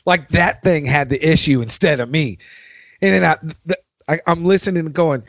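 A man's voice: a little high, moderate pace, dry recording. A man hosting a podcast, telling drumming stories with lots of swearing and acting out his old rants. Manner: profane, tells stories, acts out angry past rants. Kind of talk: casual podcast chat. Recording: dry, dull lo-fi sound.

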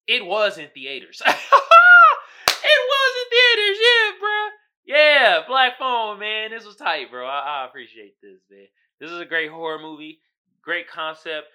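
This man, a podcast host with a fairly high pitch, runs through a horror movie recap and reads memes aloud. It's a casual, animated monologue with plenty of swearing and loud, shouted impressions.

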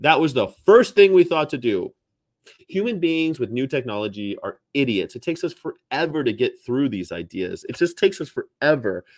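Male host, lively pitch, rambling and profane casual chat. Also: normal speed. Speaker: podcast host.

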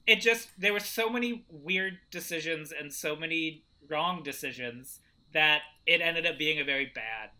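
A man giving opinionated, measured critique as a podcast co-host in casual chat. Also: a little high, bright, forceful tone.

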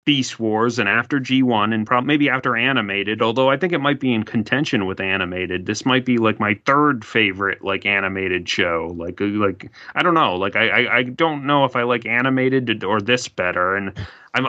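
A man co-hosting a podcast in a bright, forceful voice, chatting casually and leaning on "like" in almost every phrase. The recording is dull and lo-fi. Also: lowish voice, moderate pace. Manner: filler-heavy, says like constantly. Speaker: podcast co-host. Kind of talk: casual chat. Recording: dull lo-fi sound.

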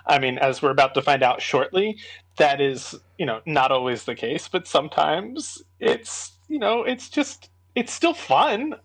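A man co-hosting a podcast, relaxed and rambling, laughing mid-sentence. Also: on the high side, measured pace, no room sound. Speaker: podcast co-host. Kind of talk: casual chat.

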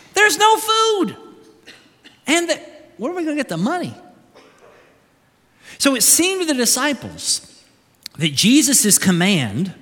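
A man preaching a sermon to a large congregation in a church sanctuary, building to animated emphasis. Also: sits high. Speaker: pastor. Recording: long reverb of a big hall.

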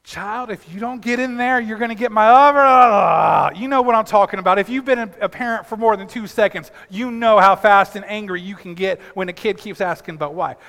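Man, pastor, sermon, high-pitched, restarts and repeats words, calls for amens, long hall echo. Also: fairly bright tone. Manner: conversational preaching with frequent restarts and repeated words; calls out to the congregation for responses. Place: church sanctuary.

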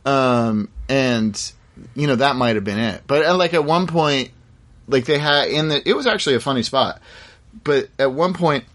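A man's voice: medium pitch, animated, moderate pace, a bit bright. A man in casual chat, telling a story from a shoot with lots of fillers and restarts. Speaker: guest actor.

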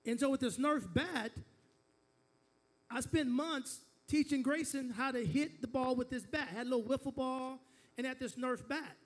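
High-voiced man preaching a sermon. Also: normal speed. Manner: storytelling with call-and-response to the congregation; frequent stammered restarts. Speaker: pastor.

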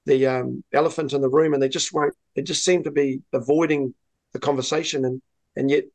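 An earnest man with a New Zealand accent speaks as a party leader in a political interview. His tone stays flat and even, and he leans on many fillers and restarts. The recording is dry and close. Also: medium pitch, fairly quick, no room sound, low-quality recording.

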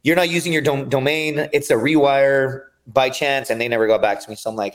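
A man's voice: medium pitch, steady tone, normal speed. A man talking as a podcast guest, telling long rambling stories with lots of swearing. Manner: rambling, profane storytelling. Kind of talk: casual chat.

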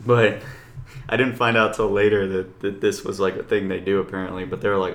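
A young man co-hosting a podcast, speaking in a laid-back casual chat and often voicing quick agreement. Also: lowish voice, level tone, fairly bright tone, echoey room, slight background noise. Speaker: podcast co-host.

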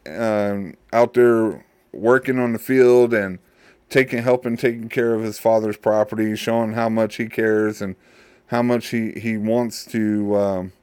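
A man hosting a show who casually retells a Bible story, halting and repeating his words. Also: fairly low pitch, darkish tone, clear, resonant tone, no echo. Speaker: host.

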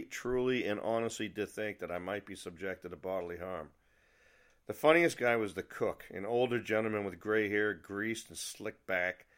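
Wry middle-aged man telling a story. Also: on the low side. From New England. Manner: wry, lively storytelling with asides. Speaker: podcast host. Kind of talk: personal storytelling.

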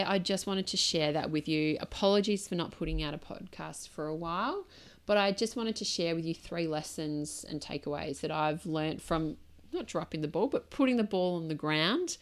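A woman in her thirties with a low voice talks alone into the mic for her podcast. She is candid and reflective, and her speech drifts through loose asides. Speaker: podcast host. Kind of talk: solo podcast monologue.

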